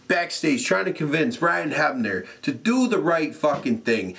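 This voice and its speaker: A man giving a casual, profane, animated recap as a show reviewer, often laughing as he talks. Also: on the high side, unhurried, gravelly.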